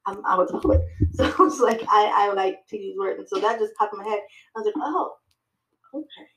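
A woman guesting on a podcast, telling her story in lively fashion, acting out her own dialogue, with many fillers and restarts. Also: medium pitch, normal speed, roomy sound, background noise. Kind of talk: casual interview chat.

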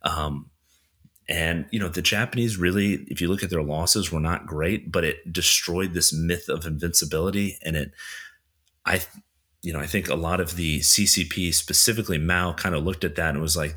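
A male podcast co-host walking listeners through history in a casual, filler-laden way. His voice is very deep and husky, with a bright edge. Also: moderate pace. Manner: steady explainer, frequent "you know" fillers.

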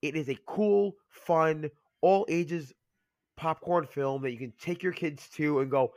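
A man's voice: on the high side, measured pace, darkish tone, no echo, studio quality. A young man co-hosting a podcast, talking casually with lots of fillers, his voice still cracking as he gets over an illness. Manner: rambling, lots of "like" and restarts. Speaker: podcast co-host. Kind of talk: casual chat.

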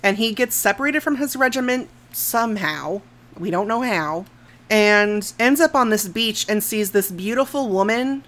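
A woman's voice: mid-range voice, lively intonation, moderate pace, fairly bright tone. Sweary, laughing woman podcaster. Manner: frank and sweary, laughs often, trails off mid-sentence. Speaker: podcast co-host. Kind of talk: casual movie review chat.

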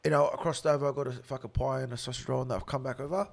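A man with an Australian accent telling a story in casual talk, swearing constantly and getting loud and laughing as he tells it. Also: medium pitch, fairly even intonation, rapid-fire, creaky. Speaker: interview guest.

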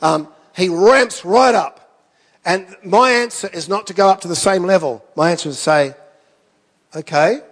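Guy preaching, chatty storyteller, kinda high voice, long echo in a big hall. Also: moderate pace, fairly bright tone. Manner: conversational storytelling with self-deprecating asides. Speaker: pastor. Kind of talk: sermon.

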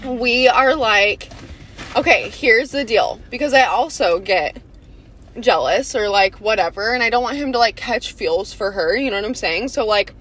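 A woman's voice: on the high side, normal speed, fairly bright tone. A woman hosting a podcast in candid, casual chat, slightly out of breath and often saying "y'all". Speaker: podcast host.

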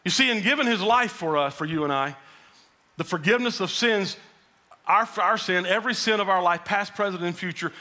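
A man preaching a sermon, building up and then dropping low for emphasis. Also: a little fast, sharp tone. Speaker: pastor.

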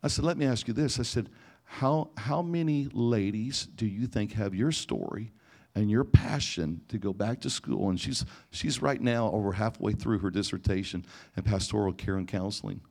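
In a lowish, creaky and slightly mellow voice, a pastor preaches at a moderate pace. His sermon draws on personal stories, with acted-out conversations and many restarts.

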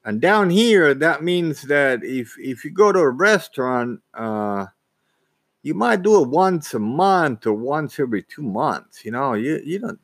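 A man telling a personal story casually, halting, with frequent restarts and repeated words. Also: fairly high pitch, very animated, fairly bright tone, no room sound. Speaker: vlogger.

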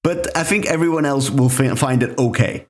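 A man's voice: mid-range voice, moderate pace. A man from Italy with an Italian accent, a native Italian speaker co-hosting a podcast in easygoing, jokey chat. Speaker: podcast co-host. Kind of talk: casual chat.

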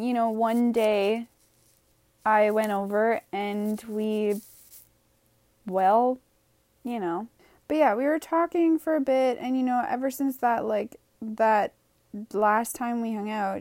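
A woman's voice: fairly high pitch, darkish tone, dry recording. Young woman rambling through a storytime. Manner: rambling, full of "like" and "you know"; exasperated, swearing for emphasis. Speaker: vlogger. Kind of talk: casual storytime.

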